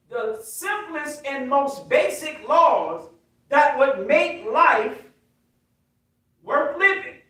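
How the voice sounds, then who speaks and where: A high-voiced American minister preaches slowly and deliberately in a sermon built on call and response. He calls out to the congregation and works up to emphatic shouts, sounding distant from the mic in a very echoey hall.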